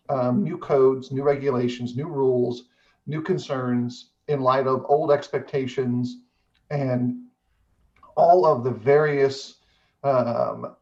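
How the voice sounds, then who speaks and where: A middle-aged man hosting a casual chat, speaking in a measured way with frequent hesitations. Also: mid-range voice. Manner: measured, many "uh" fillers. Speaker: host. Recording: dull lo-fi audio.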